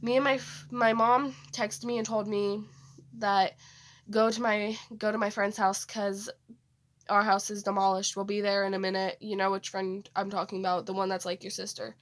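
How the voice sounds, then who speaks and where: A woman's voice: mid-range voice, little pitch movement, moderate pace. Teen girl rambling through a dream story. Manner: rambling, many fillers and restarts. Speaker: vlogger.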